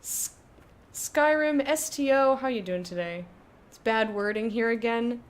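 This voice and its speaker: A young woman streaming a game and chatting casually with her viewers, blunt and quick to swear, laughing often and reading their messages aloud. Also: a little high. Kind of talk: casual live-stream chat while gaming.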